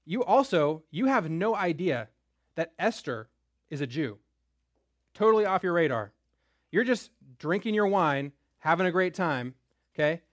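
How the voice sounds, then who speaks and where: A man's voice: a little high, very animated, unhurried, no echo, clean studio sound. A young man teaching a Bible story in a casual style who keeps checking in with "right?". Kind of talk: lively Bible lesson.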